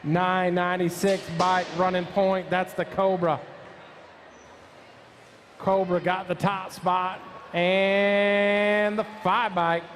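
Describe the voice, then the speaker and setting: A man with a high voice calls a live BMX race, running through rider names, bike numbers and nicknames. He takes his time between calls. A faint hum of the outdoor track sits behind him. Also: little pitch movement, a bit bright. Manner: rapid-fire calling of rider names and numbers. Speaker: race announcer.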